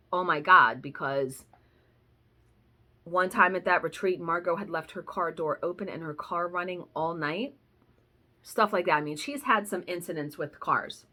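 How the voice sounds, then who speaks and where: A woman's voice: on the low side, pushed and bright. A woman vlogger telling a story in a casual, chatty way, swearing now and then. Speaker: cross-stitch vlogger.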